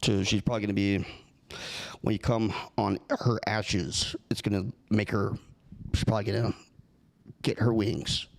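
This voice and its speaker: Deadpan low-voiced man on a prank call. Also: moderate pace, vocal fry. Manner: earnest and rambling, keeps a straight face. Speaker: prank caller.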